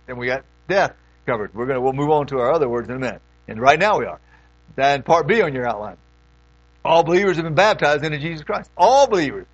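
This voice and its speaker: A man preaching a conversational teaching sermon as a pastor, emphatic and lively, often clearing his throat between points. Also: fairly high pitch, no room sound, rough recording.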